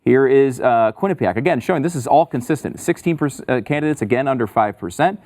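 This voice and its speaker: A man's voice: medium pitch, lively intonation, quick pace, darkish tone. A man co-hosting a talk show, chatting casually about politics and reading out figures in a conversational way. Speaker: co-host.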